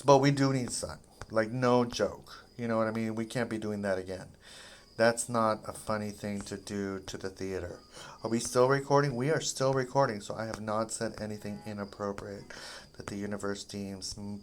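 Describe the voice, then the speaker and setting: A man giving casual, rambling gameplay commentary, goofy and self-mocking as he plays. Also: mid-range voice.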